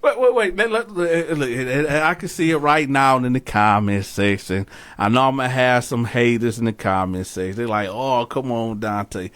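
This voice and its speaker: A man casually telling a story about jail, animated and profane, talking straight to his viewers. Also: mid-range voice, moderate pace, few pauses, clean tone.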